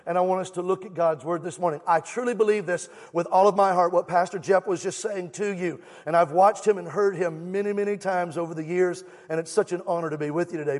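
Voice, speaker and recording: Fervent high-voiced male evangelist. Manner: fervent, exhorting, calls for crowd response. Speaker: evangelist, guest preacher. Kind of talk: sermon. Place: church sanctuary. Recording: long church hall reverb.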